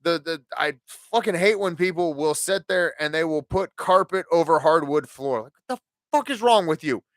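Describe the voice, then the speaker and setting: A man's voice: fairly high pitch, moderate pace, no echo. A man in his forties hosting a podcast, telling stories in a casual, profane, ranting way. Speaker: podcast host.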